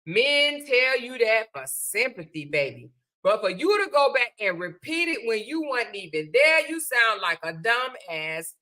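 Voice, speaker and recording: Sassy woman on a live stream, bright tense voice, kinda high, preachy, calls everyone honey. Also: sing-song, a little slow. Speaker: livestream host. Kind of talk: casual live-stream chat.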